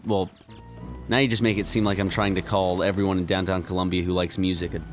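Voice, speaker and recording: A young man chatting on a podcast, teasing his co-host and jumping in with quick remarks. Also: low voice, flat delivery, soft background music. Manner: teasing, interjecting, laughs often. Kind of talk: casual chat.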